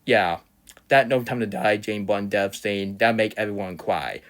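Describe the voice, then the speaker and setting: A man's voice: lowish voice, unhurried, fairly bright tone. A young man delivering an unscripted, heated fan rant, insulting his target and often stumbling and restarting mid-sentence. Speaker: fan ranter. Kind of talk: unscripted ranting commentary.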